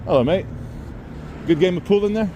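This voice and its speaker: A man's voice: sits high, fairly quick, lo-fi sound, noisy background. A man walking through town streets and filming himself, giving wry, sarcastic running commentary as a YouTuber. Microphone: handheld camera mic while walking.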